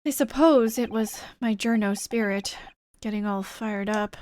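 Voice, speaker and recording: A woman's voice: medium pitch, measured pace, a little mellow, a little hiss or hum, close to an everyday voice. A woman voicing a sly young male reporter in a game, confessing earnestly and flaring up defensively.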